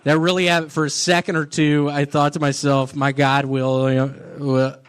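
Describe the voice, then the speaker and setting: A man doing stand-up and chatting on a comedy panel, with a halting, awkward delivery full of pauses. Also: on the high side, little pitch movement, slight background noise. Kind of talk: deadpan stand-up and banter.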